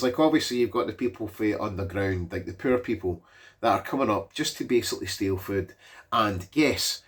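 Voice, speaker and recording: A man's voice: medium pitch, a bit bright. A man in his forties giving a casual, rambling film recap, swearing freely and leaning on fillers. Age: 40s. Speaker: movie reviewer.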